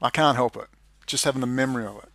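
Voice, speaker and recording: A man's voice: mid-range voice, quick pace, fairly bright tone, slight background noise. An Australian man delivering an emphatic, profane rant as a video commentator. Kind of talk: ranting monologue.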